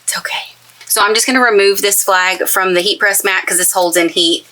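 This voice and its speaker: A craft YouTuber from East Texas with a light accent of that region chats through a crafting tutorial in the craft space of her toy hauler trailer, gushing happily as she works with her hands. Her mid-range voice is fairly even, fairly quick, pushed and bright, and the recording is rough.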